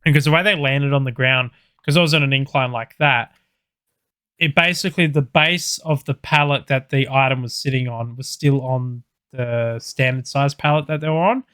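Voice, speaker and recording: A man's voice: mid-range voice, moderate pace, a bit bright, smooth, dry recording, studio quality. A man casually telling a podcast story, loose and sweary with lots of fillers. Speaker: podcast co-host.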